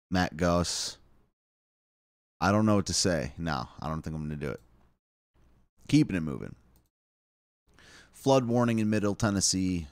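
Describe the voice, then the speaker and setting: A man's voice: sits low, a little mellow, dry recording, studio quality. A man hosting a casual live stream, reading headlines aloud with wry asides and chuckles. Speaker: live show host.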